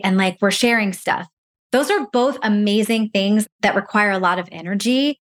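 In an interview, a woman with a medium-pitched voice speaks as a career break coach. She offers encouraging advice and acts out little inner voices.

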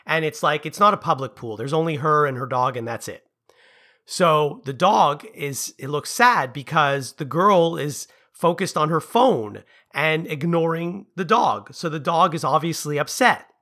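A man co-hosting a podcast who talks through a story in a measured, patient way. His voice sits a little high and sounds bright and forceful. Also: animated. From Canada. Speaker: podcast co-host. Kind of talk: casual chat.

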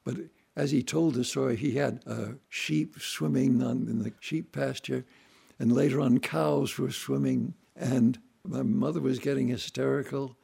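An older man reminiscing about his childhood in a relaxed, anecdotal storytelling way, now and then acting out voices and sounds. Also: medium pitch, a little slow, creaky, breathy edge. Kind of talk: unscripted reminiscing monologue.

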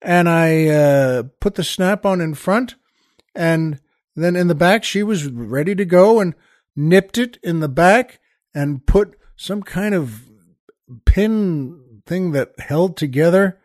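High-voiced man telling a lively story. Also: takes it slowly, no room sound, studio quality. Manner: animated, acts out quoted voices, shifts between hushed and loud. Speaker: comedian telling a backstage story. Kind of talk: storytelling anecdote.

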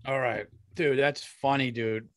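A man's voice: medium pitch, steady tone, measured pace, no echo. A middle-aged man co-hosting a podcast, chatting casually and profanely, laughing often, and reading an ad in between. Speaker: podcast co-host. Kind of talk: casual podcast chat with ad read.

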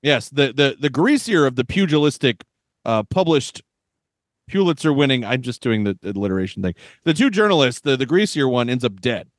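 A man in his thirties co-hosting a podcast, joking about old movies in a wisecracking, animated way and laughing often. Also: medium pitch, brisk, no echo, studio quality. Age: 30s. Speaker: podcast co-host. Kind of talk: casual movie-review chat.

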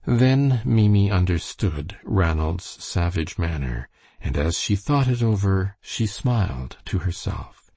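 A man's voice: low voice, lively intonation, slow, mellow, breathy edge, dry recording. A man reading a novel aloud as an audiobook narrator, expressively. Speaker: audiobook reader. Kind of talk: scripted narration.

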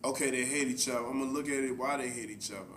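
A man's voice: mid-range voice, steady tone, rapid-fire, a bit bright, roomy sound. A man co-hosting a casual podcast, talking loosely and rambling with lots of fillers. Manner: laid-back, rambling with many fillers. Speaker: podcast co-host. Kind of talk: casual chat. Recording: distant mic with background noise.

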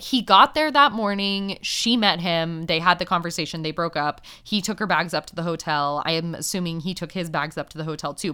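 Woman, casual commentary host, candid and opinionated, smooth clear voice, slightly low pitch. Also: bright, forceful tone. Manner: candid and chatty, lots of "like", laughs at her own points. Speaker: podcast host recapping a reality show. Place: indoors, street sirens nearby.

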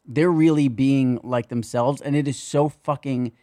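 A man co-hosting a podcast, an animated storyteller who acts out the quotes he retells. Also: mid-range voice, unhurried, dry recording. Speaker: podcast co-host. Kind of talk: casual chat.

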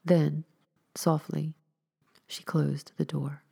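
A woman narrating a short story aloud in a measured, expressive way. Her voice is low, with a gravelly, fry-tinged texture. The pacing is steady and deliberate.

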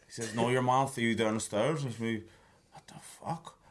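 A man in his twenties tells stories in a loose, profane way and keeps breaking into laughter. His voice sits at an ordinary middle pitch. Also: steady tone, normal speed. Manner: sweary, laughing storyteller. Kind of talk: casual storytelling chat.

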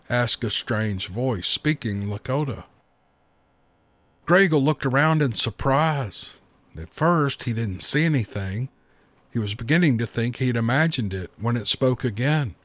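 Male narrator, mid-pitched, measured storytelling, dry booth sound. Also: fairly bright tone, dry recording.

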